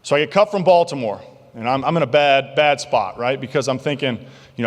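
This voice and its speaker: A male keynote speaker telling stories in an animated, jokey way to a banquet crowd. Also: medium pitch, a little fast. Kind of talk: motivational keynote storytelling. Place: large banquet hall. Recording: long reverb of a large hall.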